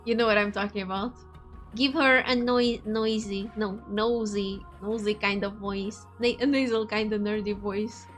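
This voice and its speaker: With soft music in the background, a woman streamer, native in Portuguese, alternates between reading a visual novel and giggly chat with viewers. Her medium-pitched voice is steady and fairly bright, at a normal pace.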